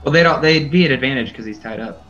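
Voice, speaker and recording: Bright, blunt male player. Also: mid-range voice, quick pace, highs cut off, faint music behind. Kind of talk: casual game chat.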